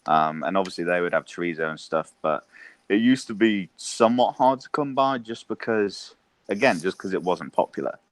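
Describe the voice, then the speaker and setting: An English man with an English accent answers interview questions in a relaxed, chatty way, filling pauses with ums. His voice sits very low. The recording is dry and close. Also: no room sound. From England. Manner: relaxed, swears freely, lots of ums. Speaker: interview guest. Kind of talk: casual interview chat.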